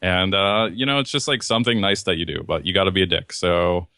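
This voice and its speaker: Bright-voiced man ranting on a podcast. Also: low voice, steady tone, brisk, clean tone, dry recording, studio quality. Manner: profane, heated storytelling with mocking voices. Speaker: podcast co-host. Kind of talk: casual ranting chat.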